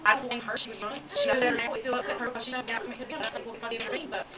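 A woman's voice: a little high, a loud crowd. A woman at a church Bible study earnestly sharing a personal testimony. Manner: earnest, emotional, rushed. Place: church room with a group. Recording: distant mic in noisy room.

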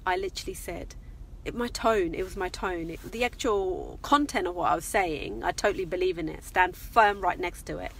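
A woman's voice: on the low side, moderate pace, gravelly, a little hiss or hum. A middle-aged woman chatting casually and confidingly on a live vlog from her parked car. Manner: chatty, confiding, laughs often. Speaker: vlogger.

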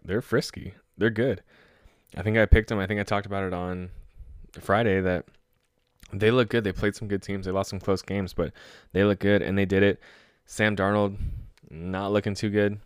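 Low-voiced excitable man talking sports. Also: normal speed, clear, resonant tone, no echo, studio quality. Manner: excitable, swears freely, laughs at own stories. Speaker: sports podcast host. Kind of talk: casual solo sports talk.

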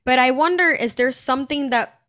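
A woman's voice: high-pitched, fairly quick, a bit bright. A woman interviewer asking questions in a friendly, conversational way.

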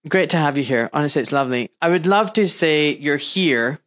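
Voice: mid-range voice, animated, fairly quick, fairly bright tone, no room sound, clean studio sound. A podcast host in a casual chat, joking and making fun of themself with enthusiasm. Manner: jokey, self-deprecating, enthusiastic. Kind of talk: casual conversation.

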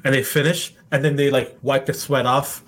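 A man's voice: mid-range voice, flat delivery, normal speed, fairly bright tone. A man co-hosting a podcast in casual chat, dropping dry one-liners. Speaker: podcast co-host.

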